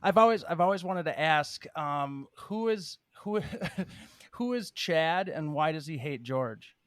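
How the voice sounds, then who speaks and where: A man hosting a podcast in casual chat, talking in halting bursts with many ums and restarts. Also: a little high, lively intonation, fairly bright tone, no echo. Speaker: podcast host.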